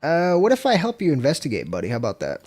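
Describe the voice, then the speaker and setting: A man's voice: fairly high pitch, huge pitch swings, quick pace, a little mellow. A young man streaming a video game, chatting casually in a rambling, profane way and getting easily exasperated. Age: young adult. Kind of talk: casual gameplay commentary.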